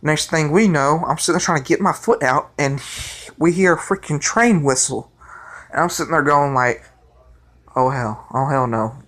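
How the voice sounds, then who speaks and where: Young man, fairly high voice, rambling casual storytelling, excitable, restarts a lot. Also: normal speed. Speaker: vlogger.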